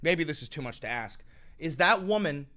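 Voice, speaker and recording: Male streamer host, profane and impassioned, calm then loud, very lively pitch. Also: normal speed. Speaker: streamer debating callers. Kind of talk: heated live-stream argument.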